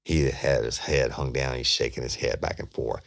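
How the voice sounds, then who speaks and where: A man in casual storytelling mode, retelling a police interview. His voice sits extremely low with a heavy gravelly fry. He rambles and swears freely. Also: fairly even intonation, moderate pace, fairly bright tone. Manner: rambling, profane, folksy. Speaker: podcast host, former detective.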